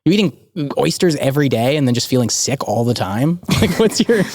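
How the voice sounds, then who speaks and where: A man from Canada co-hosting a podcast, telling stories in an animated, laughing way. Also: mid-range voice, a little fast, no room sound, studio quality. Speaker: podcast co-host. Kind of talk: casual chat.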